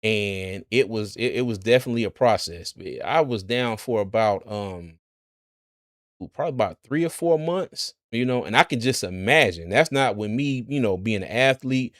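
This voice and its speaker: A man's voice: fairly low pitch, no room sound, clean studio sound. A man who hosts a sports channel, giving casual livestream commentary, chatty, laughing often and repeating words.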